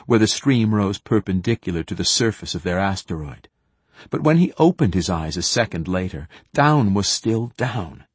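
A man reading an audiobook in a measured, even narration, close to the mic. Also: lowish voice, slightly rough, dry recording.

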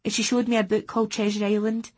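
A woman with a Scottish accent reading a first-person audiobook as a teenage boy, steady and plain. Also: mid-range voice, fast. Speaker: audiobook reader.

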